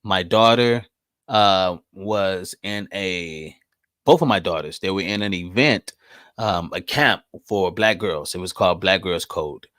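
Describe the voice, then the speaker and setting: A man in his thirties hosting a podcast alone, answering live chat in blunt, profane talk that jumps loud and high when he gets riled. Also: unhurried, clear, resonant tone, no echo. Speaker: podcast host. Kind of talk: casual solo commentary reading live chat.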